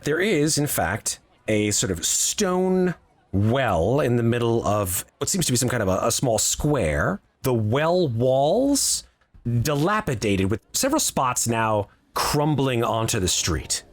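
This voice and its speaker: Man, game master narration, animated pitch, descriptive, hesitant storyteller. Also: slow.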